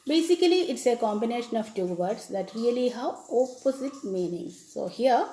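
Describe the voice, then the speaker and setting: A woman teacher, explaining a poem to children and repeating each definition slowly. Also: on the high side, lively intonation, dark tone. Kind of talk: classroom lesson on a poem. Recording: echoey room with faint background noise.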